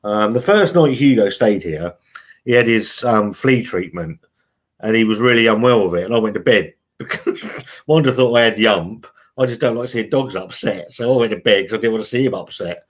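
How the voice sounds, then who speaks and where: A man's voice: fairly low pitch, moderate pace. Chatty man hosting a live stream. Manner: chatty, blunt and sweary, calls everyone mate. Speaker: live stream host reading chat. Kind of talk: casual live stream chat.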